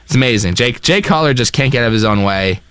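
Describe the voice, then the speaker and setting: A young man co-hosting a casual sports talk show, excitable and self-deprecating, often restarting his sentences. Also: mid-range voice, quick pace, clean tone, no echo. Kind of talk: casual sports radio chat.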